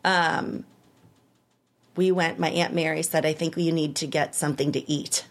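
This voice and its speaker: A woman's voice: deep voice, fairly even intonation, moderate pace. A woman in her thirties, an interview guest, telling a personal story candidly and with emotion, laughing at times.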